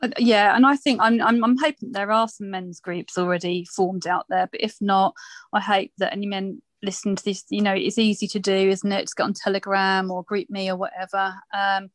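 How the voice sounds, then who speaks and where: A woman of mid pitch co-hosts a podcast in casual chat, hesitating and restarting as she talks. Her voice is recorded dry and close. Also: fairly even intonation, moderate pace, dry recording. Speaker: podcast co-host.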